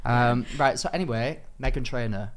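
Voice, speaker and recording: A man's voice: medium pitch, normal speed, a crowd in the background. A British man hosting a podcast, chatting casually and heaping praise on his guests. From Britain. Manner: effusive, praising, swearing casually. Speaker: podcast host. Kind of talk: casual chat.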